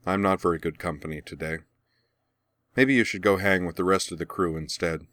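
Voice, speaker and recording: A man's voice: deep voice, fairly even intonation, brisk, a bit bright, no room sound. A man reading the part of a brooding young man who speaks wryly and matter-of-factly. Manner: wry, matter-of-fact. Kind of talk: audiobook character reading.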